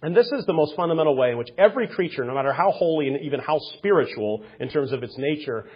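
A man's voice: on the high side, animated, fast talker, slightly rough. A man giving an unscripted theology lecture, discursive and self-correcting, full of rhetorical questions and asides. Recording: dull lo-fi recording.

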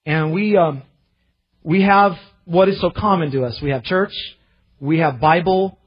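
Husky man preaching a fervent sermon. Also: a little high, highs cut off. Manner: impassioned, slows to emphasize scripture. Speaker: pastor.

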